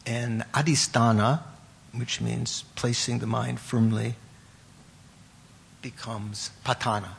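Gravelly man teaching a meditation class. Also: medium pitch, fairly even intonation. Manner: halting, repeats words, asks the class questions. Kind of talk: classroom lecture on Buddhist terms.

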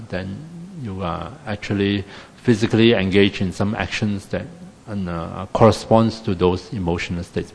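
A man's voice: fairly low pitch, big-room sound. A man with a Singaporean English accent, teaching a meditation class in a wry, self-deprecating, chatty way full of tag questions.

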